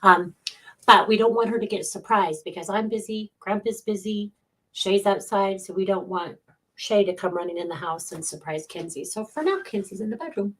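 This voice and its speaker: A woman's voice: medium pitch, moderate pace, fairly bright tone. A middle-aged woman hosting a casual livestream as a psychic medium, chatting from home, greeting viewers by name and laughing often.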